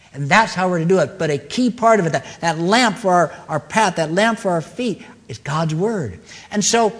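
Guy preaching, earnest, repeats his points, voice a bit high, big echoey church. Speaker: pastor. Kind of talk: sermon.

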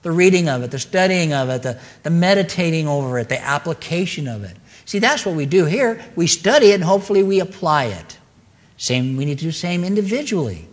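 A man's voice: on the high side, sing-song, fairly quick, long reverb tail. A man preaching a sermon as pastor, earnest and emphatic, repeating his key phrases.

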